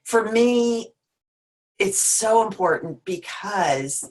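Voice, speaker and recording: A woman's voice: medium pitch, lively intonation, very slow. Earnest woman in her fifties. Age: 50s. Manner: earnest, emotional, with frequent restarts. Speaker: workshop presenter. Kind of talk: online workshop talk.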